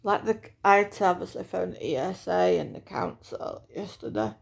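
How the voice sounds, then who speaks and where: A woman in her thirties talks through a personal vlog update in a low voice. Her voice is strongly gravelly, full of vocal fry. She speaks in a chatty, hesitant way, with lots of fillers. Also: sing-song, moderate pace. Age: 30s. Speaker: vlogger.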